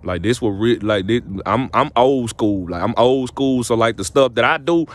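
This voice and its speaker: A man's voice: medium pitch, normal speed. A young man talks straight to camera, preaching relationship advice. He talks in a mid-range voice, circling back over his own phrases and rising to emphatic peaks. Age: young adult. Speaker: vlogger giving relationship advice. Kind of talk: casual motivational talk to camera.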